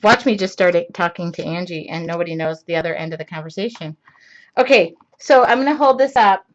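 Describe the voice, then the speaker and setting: A woman with a lowish voice speaks a little fast while hosting a casual art lesson on a live stream. She chats with viewers, greets them by name, and talks to herself as she paints, all captured muffled by a computer mic.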